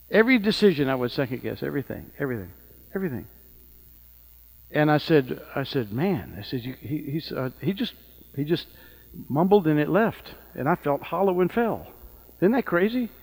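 A man's voice: sits high, low-quality recording. A middle-aged man preaching a sermon, telling stories with rising fervor. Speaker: pastor.

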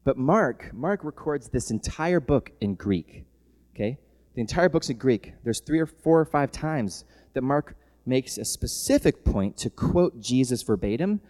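A male pastor preaching a sermon who moves from soft, tender passages to loud shouting and laughs often. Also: mid-range voice. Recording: long hall reverb.

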